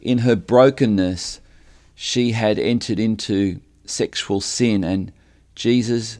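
A man preaching a sermon, speaking slowly and deliberately and lifting his voice on quoted lines. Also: fairly low pitch, a little mellow. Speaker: pastor.

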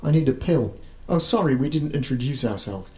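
A man voicing a dry, deadpan young male medical student in a spoken story. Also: medium pitch, a little fast, natural voice, poor audio. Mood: wry.

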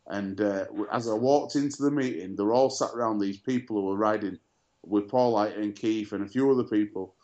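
Male co-host, low-ish register, loose anecdotal delivery. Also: a little fast, dark tone, lo-fi sound. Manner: chatty storyteller, many fillers and restarts. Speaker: podcast co-host. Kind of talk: casual sports chat.

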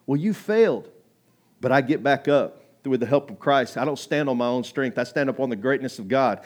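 A man preaching a sermon as pastor, talking in a conversational, animated way, acting out quoted voices and building to emphatic points. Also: medium pitch.

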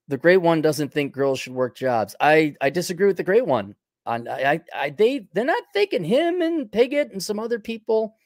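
Blunt Midwestern man, higher-pitched voice. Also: darkish tone, dry recording, clean studio sound. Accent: Milwaukee, Upper Midwest. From Milwaukee, Wisconsin. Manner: blunt, opinionated, drops into mock voices. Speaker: podcast host reading viewer donations. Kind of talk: casual livestream commentary.

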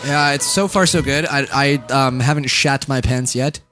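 A man's voice: mid-range voice, normal speed, pushed and bright, soft background music. Joking crude male podcast co-host. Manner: joking, crude, laughing often. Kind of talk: casual comedic banter.

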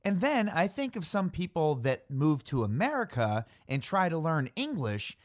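A man's voice: fairly high pitch, very animated, moderate pace, dry recording, clean studio sound. A man giving a scripted narration that explains English words, playful and pun-filled, spelling words out letter by letter. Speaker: language explainer.

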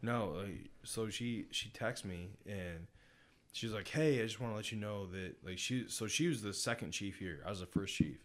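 Speaking at a moderate pace in a lowish, slightly bright voice, this Navy chief from upstate New York, USA, is a guest on a podcast. In relaxed conversation he spins crude, funny tales and plays every part of his anecdotes himself.

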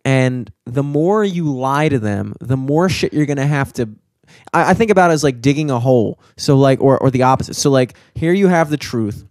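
A man's voice: mid-range voice, animated, moderate pace, a little mellow, no room sound, studio quality. A young man in casual chat, rambling and swearing, with lots of filler words.

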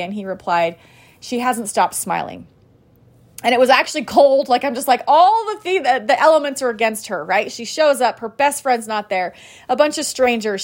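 A woman in her thirties chatting casually to viewers, telling a family story with lots of fillers and quoted dialogue. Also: on the high side. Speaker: vlogger and mom.

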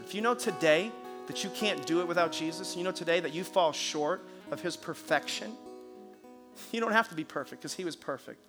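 A man preaching as a pastor, telling a lively story and then leading a hushed, earnest prayer in a church. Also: high voice. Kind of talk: sermon with storytelling and altar call. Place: church auditorium.

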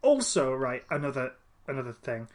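A man's voice: mid-range voice, very animated, moderate pace, darkish tone. A man chatting casually as a podcast co-host, rambling with many restarts and fillers. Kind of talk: casual chat.

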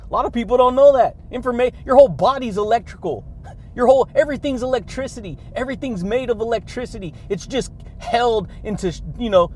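A man hosting a motivational podcast, talking in an exuberant way, laughing between phrases and leaning on drawn-out catchphrases. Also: high voice, slight background noise. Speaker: podcast host.

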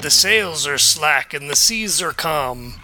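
A man putting on the voice of an old pirate spinning sea tales, in a slow growling storyteller drawl. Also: a little high, lively intonation, sharp tone, slight background noise, full character voice. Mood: menacing, theatrical.

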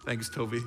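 A male pastor preaches a sermon conversationally, tossing in playful asides and frequently restarting his sentences. The hall gives the recording a long reverb.

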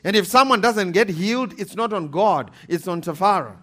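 A pastor preaching a sermon, animated and emphatic, repeating scripture references and laughing between points. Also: male voice, sits high, normal speed.

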